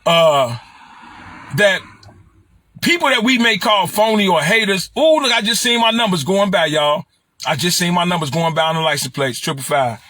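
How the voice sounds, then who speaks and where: A middle-aged man from Chicago with a Chicago accent, talking on a livestream in an animated, preachy way and repeating phrases. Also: sits high, moderate pace, no room sound. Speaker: livestream commentator. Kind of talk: casual livestream talk.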